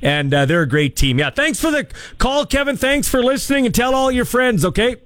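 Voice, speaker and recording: A man's voice: very high voice, lively intonation, fairly quick, fairly bright tone, dry recording. A man hosting a sports radio show, chatting casually with callers and rambling with fillers. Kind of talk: casual call-in radio talk. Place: radio studio.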